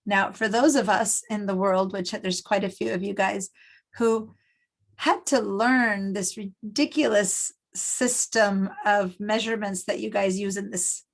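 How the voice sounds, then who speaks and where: Brief: middle-aged woman from Argentina, design teacher on a video call, some vocal fry, chatty and explanatory. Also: mid-range voice, fairly even intonation, a little slow, rough recording. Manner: chatty, explains step by step with many fillers. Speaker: design instructor. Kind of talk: online class teaching. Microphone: computer mic on a video call.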